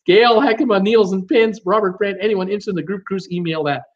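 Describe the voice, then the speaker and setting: A man's voice: sits high, lo-fi sound. A man hosting a live-stream trivia game, reading out viewer guesses and calling them right or wrong with plenty of "uh"s. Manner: reads viewer guesses and answers, quick yes-or-no calls with many fillers. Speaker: trivia host.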